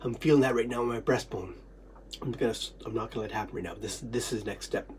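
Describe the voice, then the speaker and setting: A speaker rambling through an unscripted monologue of memories, swearing often, short of breath and snotty, swinging between giddy laughing sobs and low muttering. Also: quick pace, darkish tone, slight background noise. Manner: rambling, repetitive, heavy swearing.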